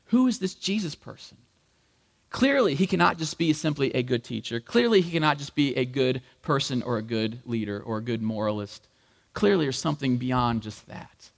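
A man preaching a sermon as pastor, animated and acting out the voices in the story. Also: a little high, moderate pace, creaky. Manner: animated, acts out voices in quotes. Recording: long hall reverb.

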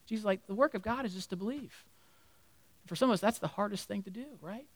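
A middle-aged male pastor preaching a sermon, animated, acting out voices and dropping to near-whispers for emphasis. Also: high-pitched, fast talker, no room sound. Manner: animated, acts out voices of crowd and Jesus, drops to near-whisper.

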